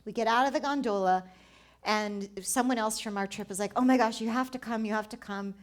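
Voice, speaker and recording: Woman in her forties, animated storyteller, slightly high pitch, quotes people in voices. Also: a little fast. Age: 40s. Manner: animated, acts out dialogue, laughs often. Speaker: travel writer and speaker. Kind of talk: storytelling talk at a live event.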